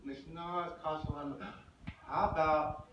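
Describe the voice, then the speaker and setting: A man's voice: a little high, steady tone, fairly quick, lo-fi sound. A man telling a story to a group of young children, putting on family voices and asking them questions, in an echoey room, heard from a distance, with noise. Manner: plays family voices, asks the kids questions. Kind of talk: casual storytelling to kids.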